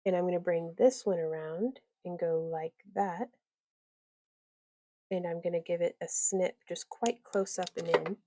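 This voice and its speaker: A woman's voice: fairly low pitch, fairly even intonation, unhurried, warm tone, no echo, clean studio sound. Chatty, giggly woman livestreaming crafts. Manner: chatty, rambling and giggly, reads viewer comments aloud. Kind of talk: casual livestream chat while crafting.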